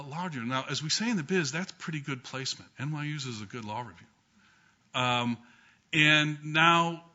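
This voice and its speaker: A middle-aged man with a very bright, forward voice tells funny stories to an audience at a memorial, often pausing on "um" and restarting his sentences. The recording is dull and lo-fi. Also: medium pitch. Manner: humorous storytelling with frequent ums and restarts. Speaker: law professor giving memorial remarks. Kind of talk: anecdotal speech at a memorial gathering. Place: law school courtroom with an audience.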